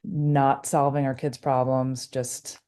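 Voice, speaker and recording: A woman hosting a podcast, talking in a soft, reflective and agreeable way. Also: rumbling low, little pitch movement, slow pace, clean tone. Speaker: podcast host. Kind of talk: podcast conversation.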